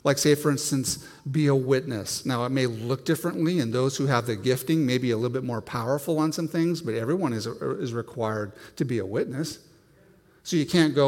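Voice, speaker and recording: A man's voice: mid-range voice, brisk, a little mellow, big-room sound. A man preaching a sermon, telling self-deprecating stories with frequent restarts.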